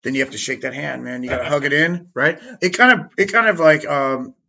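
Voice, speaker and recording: A man's voice: fairly high pitch, a little fast, gravelly, bright, forceful tone. A man co-hosting a casual podcast chat who rambles, hunts for words and laughs often. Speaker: podcast co-host. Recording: dull lo-fi sound.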